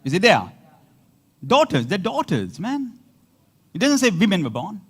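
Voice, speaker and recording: A man preaching a sermon as pastor, animated, repeating words for emphasis and breaking into laughing asides. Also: high-pitched, unhurried, slightly rough.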